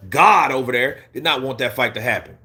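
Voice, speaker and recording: A man on a desk mic hosts a casual boxing livestream and talks straight to his chat. His voice is bright and forceful, and it climbs high when he gets heated. Between rants he drops into low, mumbled asides. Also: brisk. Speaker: boxing commentary livestream host.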